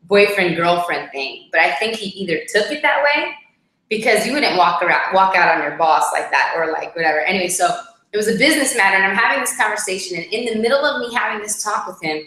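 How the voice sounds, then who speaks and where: A chatty woman co-hosting a relationship talk with a bright, forceful voice, peppering every sentence with "like" and "right?". The recording sits in a very echoey room. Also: medium pitch, animated, quick pace. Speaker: co-host. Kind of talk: casual couples chat.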